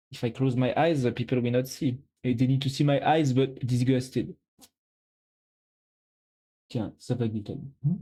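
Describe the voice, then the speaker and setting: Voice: mid-range voice, moderate pace, long pauses, warm tone, slightly rough. A streamer, chatting casually and playfully on a live stream, thinking aloud and joking at their own expense.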